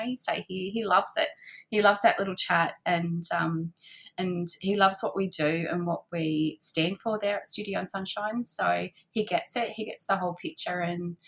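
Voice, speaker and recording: A middle-aged woman talks easily as an interview guest. Her voice sits a little low, with a gravelly, husky texture. She rambles warmly with many fillers. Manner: warm, chatty, frequent fillers and laughs. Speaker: guest, boutique owner. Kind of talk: casual conversational interview. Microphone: remote call.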